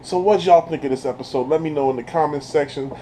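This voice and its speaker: A man giving an excited, casual recap as a video reviewer, breaking into laughter and breathless from it. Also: on the high side, fast, a little hiss or hum, poor audio. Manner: keeps breaking into laughter while retelling.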